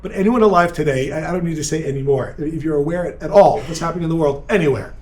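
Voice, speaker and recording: A rabbi with a high voice delivers an energetic, joking lecture at a seminar. He bounces between points and banters with the audience in the room. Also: rapid-fire. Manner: energetic, joking, talks with the crowd. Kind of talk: lively seminar talk to a live audience.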